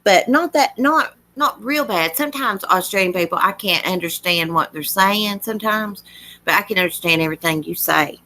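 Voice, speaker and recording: A woman's voice: medium pitch, normal speed, pushed and bright. A woman with a Southern US accent, hosting a livestream in casual chat and answering comments in a chatty, countrified drawl. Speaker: livestream host.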